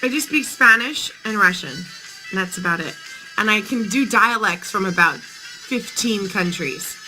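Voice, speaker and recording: A woman's voice: mid-range voice, lively intonation, a little slow, pushed and bright, soft background music, poor audio. A woman in her thirties hosting a casual morning live stream, chatting playfully with viewers while her voice sounds tired.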